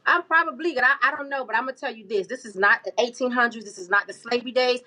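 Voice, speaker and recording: A woman's voice: fairly high pitch, quick pace, bright, forceful tone, low-quality recording. A woman answering interview questions, telling her story in an emphatic, indignant way.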